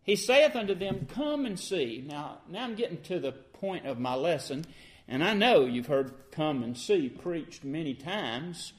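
A man preaches a sermon, walking his listeners through scripture line by line. His voice sits a bit high for a man, and his delivery is earnest and plainspoken. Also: animated, unhurried. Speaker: pastor.

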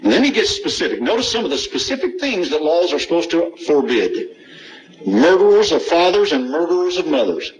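A man's voice: on the high side, big pitch swings, fairly quick, low-quality recording. A middle-aged man, preaching a sermon, reading scripture with emphasis and asking the congregation rhetorical questions.

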